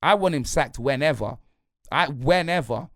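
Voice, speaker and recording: Furious about his football team, this fan pundit goes off in thick slang, repeating himself and tossing in "blood" and "fam" throughout. He sounds a little high, expressive and a bit bright at normal speed, recorded cleanly in the studio with no echo.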